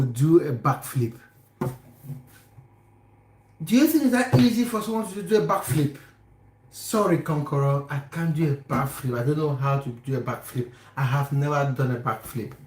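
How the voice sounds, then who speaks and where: A fairly high-voiced young man from Cameroon chats on a live stream, teasing viewers by name as he reads their comments. He talks in a casual, playful way. His voice rings around a reverberant home kitchen. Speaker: livestream host. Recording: echoey kitchen room.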